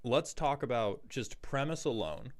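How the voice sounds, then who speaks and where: A man's voice: mid-range voice, expressive. Joking man reviewing card decks. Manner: joking, quick asides, self-deprecating. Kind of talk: casual joking commentary.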